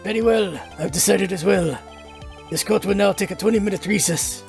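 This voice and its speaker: A woman voicing an older male judge from a game, making slow, formal pronouncements. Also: medium pitch, gravelly, a little mellow, soft background music, close to an everyday voice. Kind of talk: reading game dialogue aloud.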